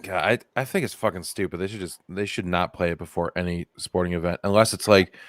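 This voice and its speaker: A man's voice: low-pitched, fast, no room sound, clean studio sound. A man co-hosting a comedy podcast, chatting casually and sarcastically, with jokey mock-formal reading and swearing. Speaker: podcast co-host.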